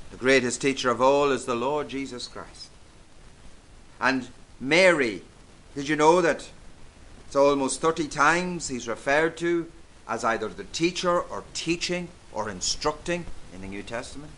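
Male preacher, sermon delivery, measured and emphatic, crisp forceful tone. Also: mid-range voice. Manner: emphatic, deliberate preaching with repeated phrases.

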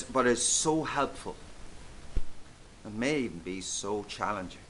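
A man preaching a sermon, emphatic and deliberate, repeating key phrases for weight. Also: mid-range voice, bright, forceful tone, slight background noise.

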